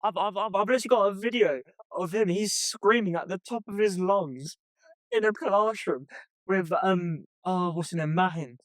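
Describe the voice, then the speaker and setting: A young man chats on a podcast, excitable and quick to curse. His voice sits high for a man, and the recording is dry and close. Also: no echo. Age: young adult. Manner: swears a lot, excitable. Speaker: podcast co-host. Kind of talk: casual chat.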